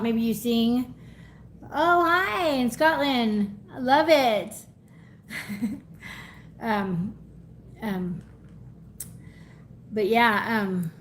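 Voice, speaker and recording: A woman giving a live energy reading in a chatty, effusive way, laughing often and going soft and teary when moved. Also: fairly high pitch, a little hiss or hum. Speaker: tarot reader.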